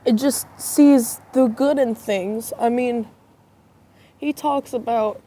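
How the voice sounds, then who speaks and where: A woman's voice: a little high, slow, dark tone. A woman with a stuffy nose from crying talks hesitantly and rambles into her phone outdoors. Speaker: vlogger. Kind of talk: casual rambling talk to camera. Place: outdoors by a road at dusk. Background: faint traffic.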